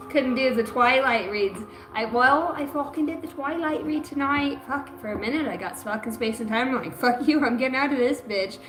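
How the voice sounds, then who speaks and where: A woman runs a livestream card reading in a casual, profane way, sometimes slipping into chanting. Her voice sits in a roomy, echoing space. Music plays clearly behind her. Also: fairly high pitch, moderate pace, hardly any pauses, fairly bright tone. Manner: loose, profane, bursts into chanting. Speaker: intuitive card reader.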